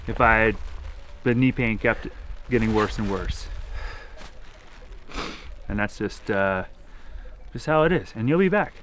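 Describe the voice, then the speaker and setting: A man who races bikes, talking in a steady, plain-spoken way on a cycling vlog. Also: on the low side, a little slow, pauses often, noisy background. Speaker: professional cyclist. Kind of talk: casual vlog talk.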